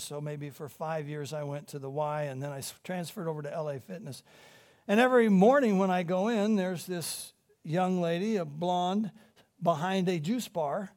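A man preaching a sermon with animated storytelling, swinging between loud emphasis and hushed tones. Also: on the high side.

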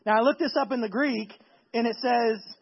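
A man preaching a humorous sermon, retelling a story with jokes and quick acted-out voices for the characters. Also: very high voice, slightly rough, highs cut off. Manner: animated, jokey, acts out characters in quick asides. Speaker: pastor.

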